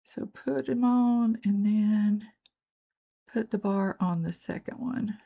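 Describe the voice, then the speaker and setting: A woman's voice: mid-range voice, slow pace, vocal fry, highs cut off. An older woman with a Southern accent, chatting folksily as she demonstrates jewelry making. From North Georgia. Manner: folksy, chatty, talks while working. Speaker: beading channel host. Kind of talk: crafting tutorial narration.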